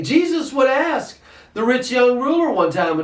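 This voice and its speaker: A man preaching a sermon, animated and questioning, often repeating his words. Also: extremely high pitch, measured pace. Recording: echoey, distant from mic.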